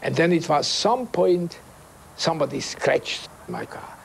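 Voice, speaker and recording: An older man with a Hungarian accent recalls his work in an interview, in halting, broken phrasing. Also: on the high side, expressive, creaky, slight background noise. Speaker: interviewee, conductor. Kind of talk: reflective interview.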